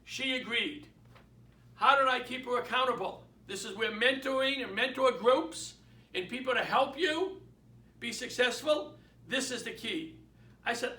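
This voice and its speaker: A man with a Boston accent gives an emphatic, story-driven motivational talk to realtors. His voice is very high and bright. He is recorded in an echoey room, away from the mic. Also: a little slow, recorded from a distance. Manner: emphatic, storytelling, repeats key points. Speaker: real estate mentor and sales speaker.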